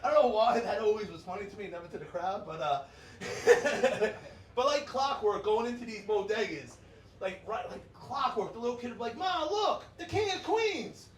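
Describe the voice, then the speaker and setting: A man's voice: high voice, normal speed, a little hiss or hum. A man, doing a brash, crude stand-up set on a club stage and laughing at his own jokes. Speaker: stand-up comedian. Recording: echoey club sound from a distance.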